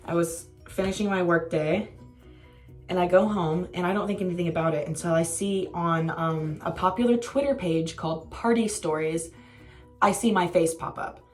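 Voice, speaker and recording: A woman's voice: lowish voice, steady tone, normal speed, a little mellow, soft background music. A young woman telling a casual storytime vlog, candid and self-mocking, swearing freely. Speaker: vlogger.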